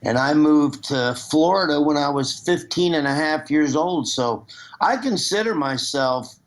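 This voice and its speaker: Middle-aged Nebraska-raised man, phone-in guest, rambling chat, slightly high pitch. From Nebraska, USA. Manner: rambling, with restarts. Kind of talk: casual phone conversation.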